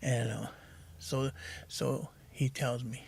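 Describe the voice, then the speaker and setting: Middle-aged man, gravelly, husky, halting, soft-spoken. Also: mid-range voice, fairly even intonation. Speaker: podcast guest. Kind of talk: candid recovery story.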